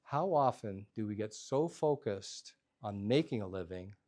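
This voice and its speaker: A man telling a personal story to a live audience, in an animated, humorous, conversational way. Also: fairly low pitch, a little slow.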